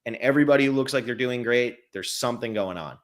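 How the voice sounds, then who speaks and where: A man in his thirties co-hosting a casual film chat podcast, animated and blunt, swearing freely. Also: mid-range voice, fast. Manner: animated, swearing, mocking impressions. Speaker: podcast co-host.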